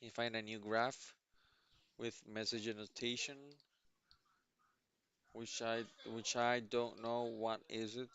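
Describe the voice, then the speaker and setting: A man live-streaming his coding, reading documentation aloud and musing with halting restarts; he sounds sleepy. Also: medium pitch, completely flat delivery, fairly bright tone, smooth, muffled recording. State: sleepy, yawning. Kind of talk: thinking aloud while reading docs.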